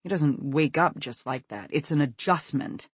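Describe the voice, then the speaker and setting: Male audiobook narrator, expressive and husky, dry close recording. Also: a little high, normal speed, no room sound.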